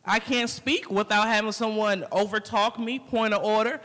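A woman on a city council, speaking in a meeting in an exasperated, quick way. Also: mid-range voice, steady tone, fairly bright tone, long reverb tail. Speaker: council member.

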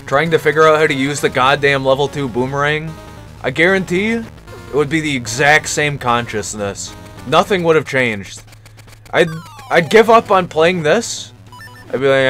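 A man's voice: fairly high pitch, fairly bright tone. A man streaming a video game and commenting casually, with profane, self-mocking jokes.

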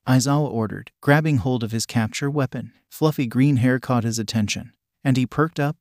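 A man's voice: mid-range voice, normal speed, darkish tone, dry recording. Man reading fan fiction, dry close sound. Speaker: narrator. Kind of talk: fan fiction read aloud.

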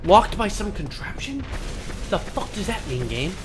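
A young man giving let's play commentary, excitable and panicky, swearing and trash-talking the enemies as he plays. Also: high-pitched, normal speed, background noise. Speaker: gaming commentator.

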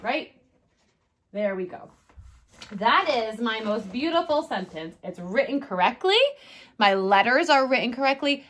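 Slow, expressive kindergarten teacher woman. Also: fairly high pitch. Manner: slow, sounds letters out, exaggerated dismay at bad examples. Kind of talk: recorded writing lesson for young children.

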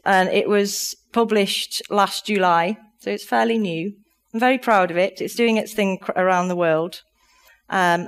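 An upbeat woman delivers a conference keynote. She speaks in a chatty, lively way and laughs readily. Her voice sits at an ordinary middle pitch, and she addresses a live audience in a conference room.

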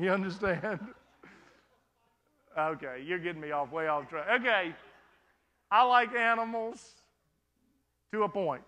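A man's voice: high voice, measured pace, long pauses, bright, forceful tone. A male pastor answering congregation questions in a sermon, talking conversationally and often checking in with "you understand?".

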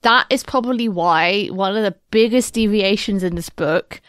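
A woman from Britain co-hosts a relaxed book podcast at a middling pitch. She rambles and corrects herself mid-sentence. Her voice sounds close and dry, with no room around it. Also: normal speed, clear, resonant tone, no room sound. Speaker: podcast co-host. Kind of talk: casual book chat.

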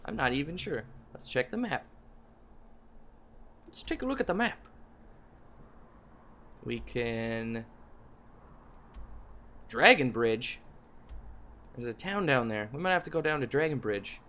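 A young man hosting a game play video, talking to viewers in a goofy way and breaking into loud yelps and yells. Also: medium pitch, very animated, takes it slowly, long pauses, a little hiss or hum. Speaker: gaming channel host. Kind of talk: let's play commentary. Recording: game music playing softly behind.

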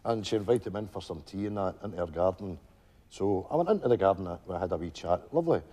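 An old Glasgow widower. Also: male voice, low voice, expressive, fast talker, warm tone. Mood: wistful storytelling. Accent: Glaswegian Scottish. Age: older. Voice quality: husky, rambling with many "you know" asides. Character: old widowed Glasgow pensioner, gentle and rambling. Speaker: stage character telling a story to friends. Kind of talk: stage comedy monologue.

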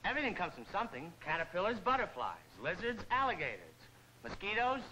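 Fancy-talking pal playing along, swoopy bright voice, old movie comedy. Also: male voice, high voice, very animated, quick pace, a little hiss or hum, full character voice, low-quality recording. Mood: humoring. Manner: florid, mock-formal phrasing. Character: wordy, mock-learned male pal humoring a fool. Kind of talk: 1940s film comedy acting.

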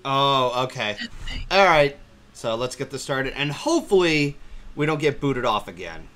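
Animated, bright-voiced streamer man. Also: medium pitch, measured pace. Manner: chatty, reads chat questions aloud, swears casually. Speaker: streamer hosting the game. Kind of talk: casual gaming commentary.

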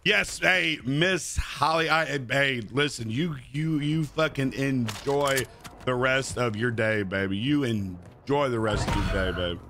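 A man streaming a game and chatting casually with viewers, crude and joking, sometimes breaking into loud high-pitched bits. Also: unhurried, slight background noise. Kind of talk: casual live-stream banter.

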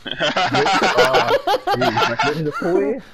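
A man's voice: sits high, very animated, extremely slow, over a noisy crowd. A young man joking and laughing with friends while gaming. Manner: jokey, laughs often. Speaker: gamer. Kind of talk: casual chat while gaming.

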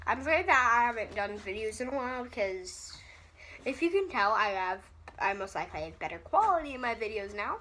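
A woman's voice: on the high side, very animated, brisk, pushed and bright. A woman chatting casually in a vlog, rambling, giggly and self-deprecating. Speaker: vlogger.

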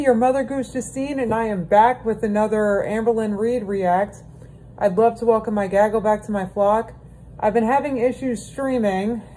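A woman's voice: medium pitch, dark tone, slight background noise, rough recording. A young woman vlogging at home in casual chat, frazzled and exasperated, talking to viewers through a handheld camera.

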